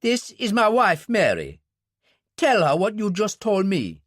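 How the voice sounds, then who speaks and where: A man's voice: high voice, wildly swooping pitch, a little slow, a bit bright, no room sound, studio quality, voice pushed up, exaggerated voice. A man reading an audiobook, voicing a wary, bossy island barman who calls across the room to his wife. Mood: wary, boisterous.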